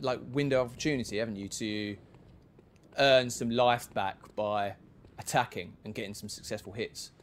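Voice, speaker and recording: A man giving casual, chatty commentary while playing a video game, with self-mocking asides. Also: mid-range voice. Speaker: gaming video creator.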